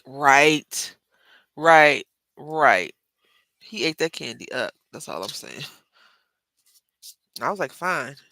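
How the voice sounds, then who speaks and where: This woman speaks slowly with long pauses, her low-pitched voice very animated and sharp in tone, with no echo. Hosting a casual live craft tutorial in a Southern Texas accent, she chats and rambles, addressing viewers as y'all.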